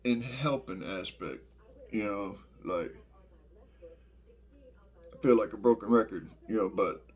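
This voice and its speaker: Profane rambling man, low voice. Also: unhurried. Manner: profane, rambling, many fillers. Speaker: vlogger. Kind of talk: casual rambling monologue.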